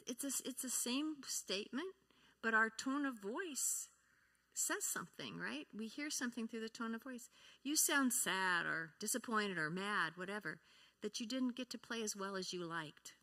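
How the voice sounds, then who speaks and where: Woman church speaker, bright tone, interactive teaching style that quizzes the audience. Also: medium pitch, animated, moderate pace. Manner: asks the audience questions and acts out example replies. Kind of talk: teaching talk to a congregation.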